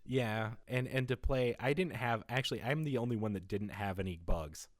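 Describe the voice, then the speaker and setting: A man's voice: medium pitch, normal speed. A man co-hosting a gaming podcast in casual chat, joking and laughing as he talks. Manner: joking, acts out quoted lines with laughs. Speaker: podcast co-host.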